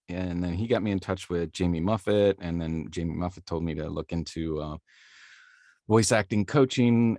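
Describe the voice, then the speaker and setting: A man's voice: sits low, darkish tone, no echo, studio quality. A man, a voice actor, telling his story in a rambling, self-deprecating way during a casual interview, laughing easily. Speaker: voice actor guest.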